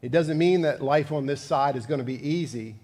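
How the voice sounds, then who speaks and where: A man's voice: fairly high pitch, fairly quick, darkish tone. Man preaching in an echoey church. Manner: conversational, builds to fervent emphasis. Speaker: pastor. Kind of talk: sermon. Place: church sanctuary.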